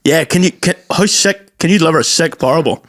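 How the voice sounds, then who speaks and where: A man's voice: on the high side, quick pace, fairly bright tone. A man co-hosting a podcast, riffing in rambling, jokey casual banter. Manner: rambling, jokey, riffs on ideas. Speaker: podcast co-host.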